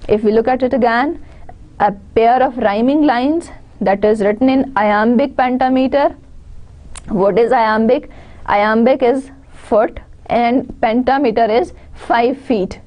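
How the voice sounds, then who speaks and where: A woman's voice: fairly high pitch, a little slow, darkish tone. A woman with a Pakistani English accent giving an online lecture, explaining step by step and restating her points. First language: Urdu.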